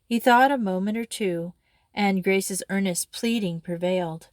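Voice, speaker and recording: A woman reading a true story aloud in a measured, expressive way. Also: medium pitch, dry recording, clean studio sound.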